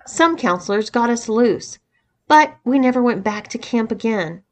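A woman's voice: a little high, animated, normal speed, lightly acted. A woman reading the part of a sheepish young man recounting a story, matter-of-fact.

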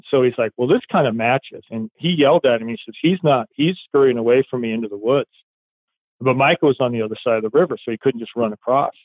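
A police dog handler telling a story in a rambling, casual way, acting out quoted dialogue. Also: male voice, mid-range voice, quick pace, dry recording. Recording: tinny phone-like line, dry.

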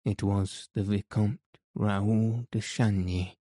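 A man reading a novel aloud as an audiobook narrator, in a measured, even manner. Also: on the low side, no echo. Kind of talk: scripted narration.

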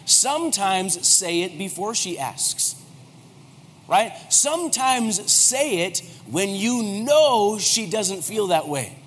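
High-voiced joking male pastor. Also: takes it slowly. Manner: animated, joking, acts out quoted voices. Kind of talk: humorous sermon. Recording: hall reverb, faint background noise.

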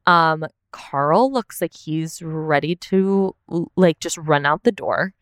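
A woman's voice: deep voice, slow, smooth, no room sound, clean studio sound. A young woman hosting a casual recap podcast, chatty and full of "like" fillers.

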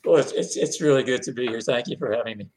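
Older man, author guest, halting, repeats words, average pitch. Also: darkish tone, a little hiss or hum, low-quality recording. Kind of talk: interview storytelling.

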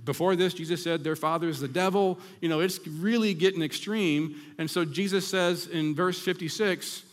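Preaching man in a reverberant hall. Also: on the high side. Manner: dramatic scripture reading with emphatic slowdowns. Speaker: pastor. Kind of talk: sermon.

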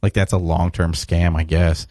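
A man who is a touring musician, talking candidly and relaxed in a radio studio interview, swearing casually. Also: deep voice, moderate pace, dry recording.

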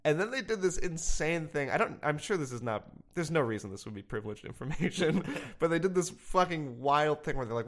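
A man's voice: fairly high pitch, big pitch swings, brisk, few pauses, fairly bright tone. A young man talking as a podcast guest in a casual chat, rambling and self-deprecating, laughing often and filling his sentences with ums and likes.

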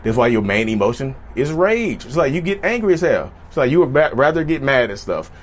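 A man's voice: medium pitch, big pitch swings, fairly quick. A man vlogging in a casual storytelling way, chatty and repetitive, often turning to his viewers directly. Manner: chatty, repetitive, keeps addressing viewers as y'all.

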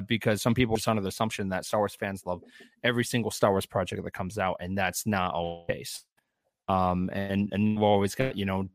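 A man's voice: lowish voice, no room sound. A man co-hosting a casual fan chat, rambling with many restarts and fillers.

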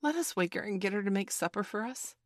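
A woman voicing a small, sleepy, frightened boy who pleads in a high, whiny voice. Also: expressive, fast talker, no echo, clean studio sound, lightly acted. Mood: excited.

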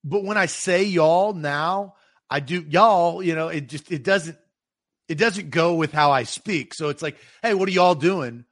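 A man's voice: a little high, a little slow, fairly bright tone. A man from the Nashville area with a slight Southern accent, co-hosting a casual sports talk show and getting heated when irritated. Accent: slight Southern American. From Nashville area, Tennessee. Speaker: podcast co-host.

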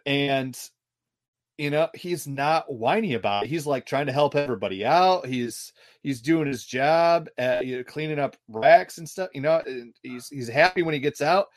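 A man in casual conversation with a middle-pitched voice. He rambles and stays animated, piling on fillers and restarts as he goes. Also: moderate pace. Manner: rambling, animated, quotes characters in put-on voices. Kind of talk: casual chat.

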